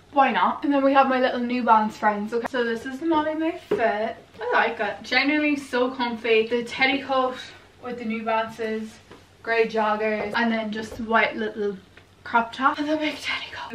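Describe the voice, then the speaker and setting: A woman's voice: a little high, a bit bright, a little hiss or hum. A woman, chatting bubbly and casually as a fashion vlogger, swearing now and then. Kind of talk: casual chat to camera. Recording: echoey room, mic at a distance.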